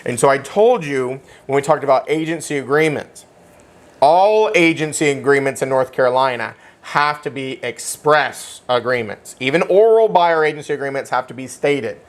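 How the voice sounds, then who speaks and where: A man teaching a real estate licensing class in an animated, joking way, often checking in with "okay?" and speaking. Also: medium pitch, moderate pace. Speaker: real estate exam instructor. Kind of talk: classroom lecture.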